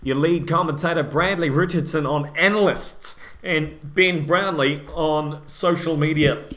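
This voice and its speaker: A man doing lead commentary for a match, brisk play-by-play with joking banter. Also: on the high side, a bit bright, reverberant. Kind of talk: comedic amateur sports commentary.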